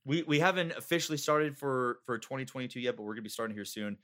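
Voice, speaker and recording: A man's voice: medium pitch, lively intonation, fast talker, a bit bright. A man hosting a podcast, chatting casually in a rambling, profane way full of fillers. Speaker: podcast host. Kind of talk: casual chat.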